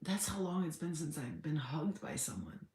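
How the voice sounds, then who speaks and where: A woman's voice: deep voice, very animated, moderate pace, darkish tone, echoey room. A woman hosting a spiritual livestream, chatting candidly, swearing freely and answering viewer comments. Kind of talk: casual livestream chat.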